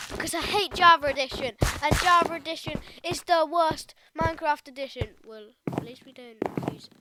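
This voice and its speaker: A woman with a British accent chatting casually in a gaming vlog, rambling and correcting herself with lots of ums. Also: high-pitched. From United Kingdom. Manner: rambling, hesitant, self-correcting with many ums. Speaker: YouTuber. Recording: loud background noise.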